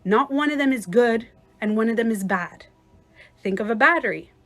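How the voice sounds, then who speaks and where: A woman's voice: on the high side, expressive, moderate pace, a bit bright, faint music behind. Chatty woman life coach on a livestream. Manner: chatty, laughs often, acts out little scenarios. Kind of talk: casual livestream coaching talk.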